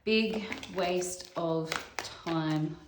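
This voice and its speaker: A woman doing a casual tarot reading, thinking aloud in a slow, musing way. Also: fairly low pitch. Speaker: tarot reader. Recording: echoey room with clear background noise.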